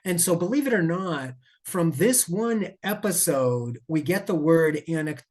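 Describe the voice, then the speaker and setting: A man speaking as a podcast guest, telling a story in a lively, digressive way with asides and self-corrections. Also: fairly high pitch, a little slow. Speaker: podcast guest, safety expert. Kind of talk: conversational storytelling.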